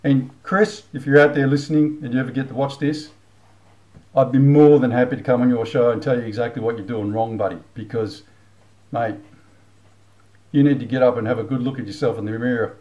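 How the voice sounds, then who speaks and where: A man's voice: mid-range voice, steady tone, a little fast, a little mellow, muffled recording. A middle-aged Australian man hosting a commentary channel, ranting bluntly with casual swearing, then leading a prayer. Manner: blunt, heated, swears freely. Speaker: channel host.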